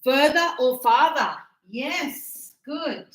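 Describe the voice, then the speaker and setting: A woman teaching English grammar to a class, stretching out words slowly and checking in with "yes?" and "right?". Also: high-pitched, expressive, a bit bright, reverberant, rough recording. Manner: encouraging, checks understanding with tag questions; slow, drawn-out words for teaching.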